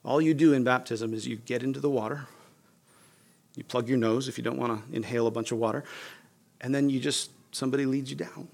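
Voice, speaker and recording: A man preaching a sermon in a relaxed, chatty manner, explaining scripture like he is talking to friends. His voice sits mid-range with a gravelly, lightly fried texture. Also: mid-range voice, fairly quick. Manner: conversational, casual with fillers like "you guys" and "like". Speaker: pastor.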